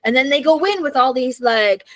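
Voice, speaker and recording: A young adult woman co-hosting a podcast in casual chat, chatty and quick to laugh, trailing off with fillers. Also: sits high, animated, dry recording. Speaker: podcast co-host.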